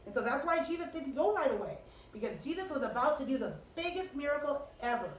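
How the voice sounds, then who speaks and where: Storyteller: high, lively woman teaching kids, distant and echoey. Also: fast, a little hiss or hum. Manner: animated, expressive, asks the children questions. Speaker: children's Bible teacher. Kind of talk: storytelling to children.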